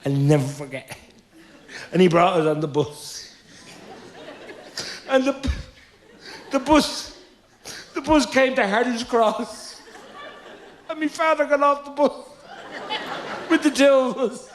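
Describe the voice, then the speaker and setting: High-voiced Dublin comedian telling stories. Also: male voice, lively intonation, takes it slowly, pauses often, roomy sound, a faint crowd. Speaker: stand-up comedian. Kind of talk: live stand-up storytelling.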